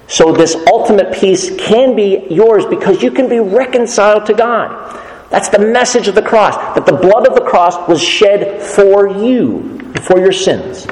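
A man preaching a sermon as pastor, earnest and measured, quoting scripture as he goes. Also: sits high, darkish tone, echoey room, big-room sound, poor audio.

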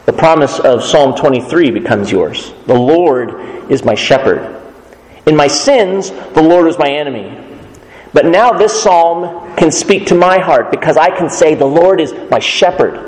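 A man preaching a sermon as pastor, earnest and measured, quoting scripture as he goes. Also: medium pitch, a little mellow, roomy sound, in a large hall, rough recording.

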